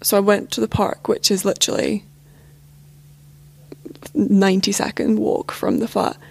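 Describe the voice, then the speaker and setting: A woman's voice: medium pitch, flat delivery, measured pace, gravelly, husky. A young woman telling a personal story as a podcast guest, casual and full of filler words.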